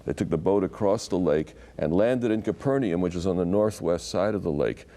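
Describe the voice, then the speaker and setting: A man teaching scripture as a guest on a talk program. His voice sits low and sounds warm and mellow. He tells the stories in an animated way and acts out the quoted lines. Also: brisk. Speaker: Bible scholar guest. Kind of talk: explanatory teaching in conversation.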